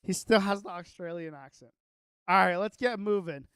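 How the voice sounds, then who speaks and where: A male streamer chatting away while he plays, excitable and rambling, often cutting himself off mid-thought. His voice sits unusually high for a man, and the sound is close and dry with no room echo. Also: normal speed, smooth. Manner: excitable, rambling, self-interrupting. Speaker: gaming streamer. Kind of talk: casual livestream chat while playing.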